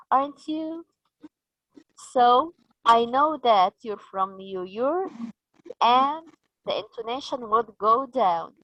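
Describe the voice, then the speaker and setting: A woman's voice: on the high side, a bit bright, no room sound, lo-fi sound. A woman running a teacher-training session, patiently explaining and asking the group questions. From Egypt.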